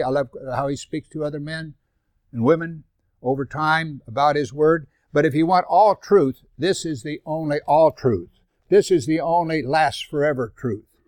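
A man's voice: on the high side, no echo, studio quality. An older man leading a Bible study in a sermon style, reading scripture aloud between conversational asides.

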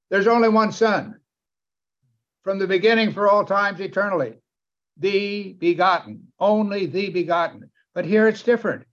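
A man's voice: high-pitched, animated, normal speed, a bit bright. A man preaching a sermon with emphasis, often asking his listeners questions. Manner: emphatic, asks the audience questions. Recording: dull, lo-fi sound.

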